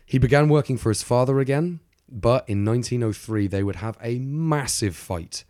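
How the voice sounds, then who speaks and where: A man's voice: mid-range voice, animated, normal speed, darkish tone, no room sound, studio quality. A man co-hosting a true-crime podcast, telling the story in a chatty, laughing way with lots of fillers. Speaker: podcast co-host.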